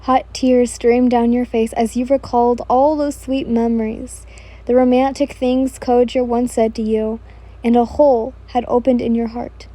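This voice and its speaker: A woman narrating a second-person romance story in gentle, measured tones. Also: on the high side, level tone. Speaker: fan fiction narrator.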